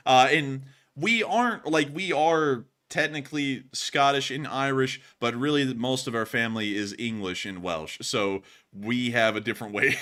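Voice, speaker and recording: A man hosts a casual livestream, answering viewer messages in a rambling way. He keeps repeating his thank-yous and stock sign-off phrases. His voice sits at an average pitch. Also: pushed and bright. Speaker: livestream news host.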